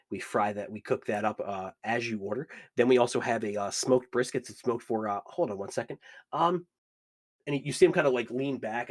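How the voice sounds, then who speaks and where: A man running a tabletop game as game master, casual and animated, swearing often. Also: lowish voice.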